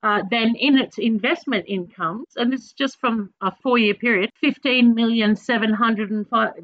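A woman's voice: on the high side, normal speed. Woman co-host, matter-of-fact, muffled sound. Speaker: radio co-host. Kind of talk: casual chat.

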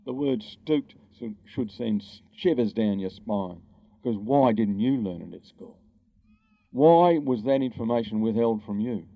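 A man with an Australian accent giving an impassioned public talk, indignant and full of rhetorical questions, with slow emphatic stresses. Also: medium pitch, lively intonation, dull audio.

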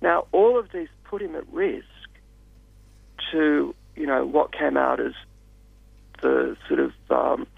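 A man speaking as a radio guest in a measured, hesitant way with many fillers. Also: on the high side, gravelly, slightly rough, no room sound. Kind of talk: radio interview. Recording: dull lo-fi radio sound, dry.

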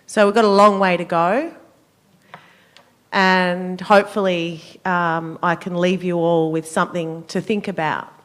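An Australian woman, a senator, giving an impassioned political speech at a forum, measured and emphatic with a cutting, sarcastic edge. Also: fairly low pitch, level tone. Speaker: senator speaking at a public forum.

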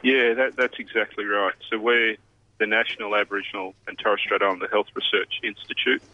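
Low-voiced aussie guy on a dull phone line, slow careful explaining, lots of ums. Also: little pitch movement, slight background noise. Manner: measured, explanatory, with many pauses and fillers. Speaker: CEO of a health research institute. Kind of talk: radio interview.

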